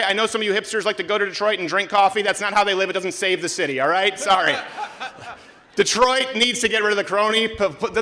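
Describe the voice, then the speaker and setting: A man's voice: high-pitched, pushed and bright. A man hosting a live comedic talk show in front of an audience, brash and sarcastic, slipping into mocking voices. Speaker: host.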